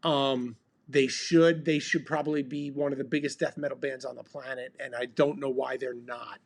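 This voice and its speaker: Hosting a laid-back livestream, a band member in his fifties sips bourbon and rambles, dropping frequent ums. He has a mid-range voice with fairly even intonation and talks at a normal speed.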